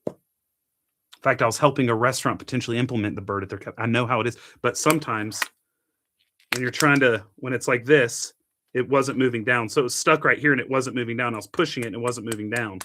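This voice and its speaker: A young man hosting a casual coffee-brewing vlog, chatty and quick to grumble at his equipment with mild curses. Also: medium pitch, sharp tone, slight background noise. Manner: chatty, mild cursing, gets frustrated with gear. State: annoyed. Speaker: coffee channel host.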